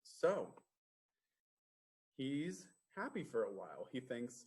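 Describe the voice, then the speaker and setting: A man reading a story aloud at a children's storytime, asking the listeners questions with drawn-out pauses. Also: mid-range voice, big pitch swings, a little mellow, slightly rough. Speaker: library storytime reader.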